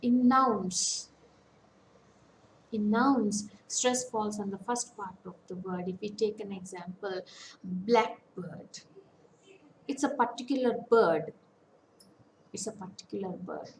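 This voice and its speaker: A woman's voice: mid-range voice, creaky, a little hiss or hum, poor audio. Methodical Indian woman teaching a lecture. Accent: Indian English. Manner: methodical, repeats each example word slowly. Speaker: academic counsellor teaching English. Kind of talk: online lecture on English stress.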